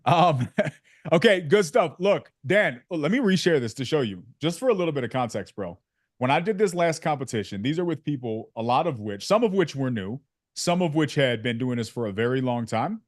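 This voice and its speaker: A man's voice: mid-range voice, animated, normal speed, no room sound, clean studio sound. A man hosting a sales community on a video call, joking and slangy with lots of fillers. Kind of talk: casual coaching chat on a video call.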